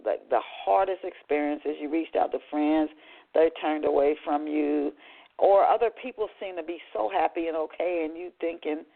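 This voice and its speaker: A man's voice: fairly high pitch, vocal fry. A man hosting a radio interview, asking long, rambling questions full of restarts, heard over a phone line. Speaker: radio show host.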